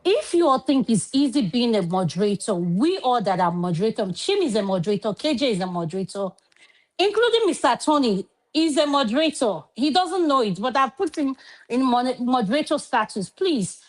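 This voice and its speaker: A woman's voice: a little high, very animated, moderate pace, poor audio. A Nigerian woman moderator on an online panel, chatty and assertive. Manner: assertive and chatty, pleading then scolding.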